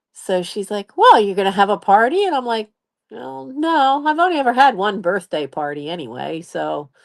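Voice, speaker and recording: A woman in her late fifties telling a story in a casual live stream, laughing often and acting out what other people said. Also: lowish voice. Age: 50s. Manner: animated, laughs often, acts out others' voices. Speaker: channel host.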